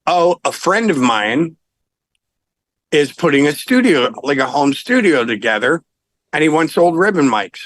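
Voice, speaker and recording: A middle-aged man, a rock singer, telling anecdotes in a casual interview, animated and laughing now and then. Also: fairly high pitch, unhurried, no echo, low-quality recording.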